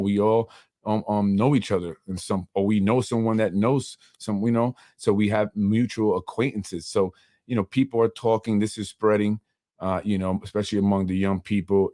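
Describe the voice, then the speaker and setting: Earnest low-voiced man, rambling solo podcast. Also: darkish tone, no room sound, studio quality. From Yonkers, New York. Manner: earnest, rambling, heavy on fillers. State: emotional, voice softening. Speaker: podcast host and community organizer.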